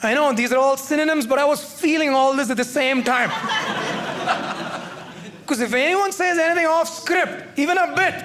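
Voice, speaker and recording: Male stand-up comic, very high voice, animated storytelling, faint room ambience. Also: normal speed, background noise. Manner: animated storytelling with tag questions. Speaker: stand-up comedian. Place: comedy club stage with live audience.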